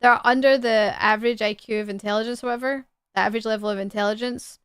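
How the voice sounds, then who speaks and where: A woman's voice: fairly high pitch, steady tone, fast talker, fairly bright tone, clear, resonant tone, no echo, studio quality. A woman streamer reading a visual novel aloud on a livestream, playful and giggly, with rambling asides.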